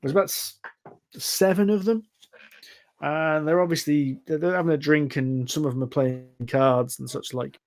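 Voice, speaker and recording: A man running a tabletop game as game master over an online call, describing scenes in halting, restarting narration. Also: fairly high pitch, steady tone, a little mellow.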